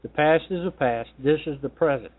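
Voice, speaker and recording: A man's voice: fairly high pitch, normal speed. Combative man ranting on talk radio. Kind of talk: political talk radio monologue. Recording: tinny phone-line sound.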